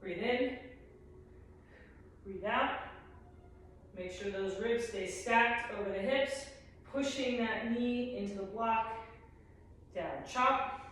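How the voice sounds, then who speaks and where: A woman fitness instructor calmly guiding a workout, counting reps and cueing breaths. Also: on the high side, slow pace, pauses often, slight background noise. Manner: calm counting, cues breathing. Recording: roomy echo, distant mic, music behind.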